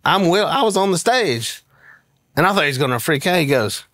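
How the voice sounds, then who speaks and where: Animated man telling a funny story. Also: on the high side, normal speed, pauses often, dry recording. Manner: animated storyteller, acts out quotes, laughs often. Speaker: interview guest. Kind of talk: humorous anecdote in conversation.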